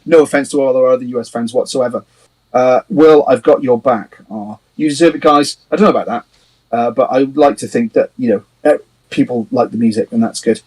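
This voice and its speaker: Guy chatting on a livestream, a bit husky, laughs a lot. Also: mid-range voice, a little fast, a little mellow, poor audio. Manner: rambling, laughs often, swears casually. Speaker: band member hosting a livestream. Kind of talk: casual chat.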